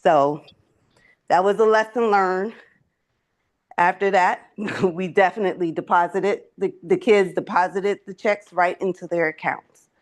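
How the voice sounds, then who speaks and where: A woman on a group video call, earnestly telling a story with a gentle lesson. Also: lowish voice, measured pace. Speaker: co-host and sales coach.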